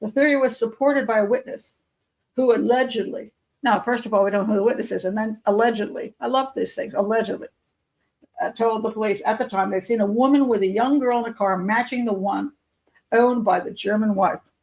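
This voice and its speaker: A woman's voice: fairly high pitch, brisk, a little mellow, poor audio. A woman hosting a live show as a criminal profiler, reading news aloud with skeptical, muttered asides and self-corrections.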